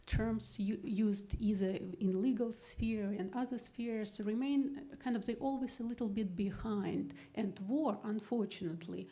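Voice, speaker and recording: A woman scholar talks a panel audience through her ideas, pausing now and then to find the right word. Her voice is gravelly and on the dark side. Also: medium pitch. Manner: thoughtful, searching for words, with hesitations. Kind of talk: academic presentation. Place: gallery event hall.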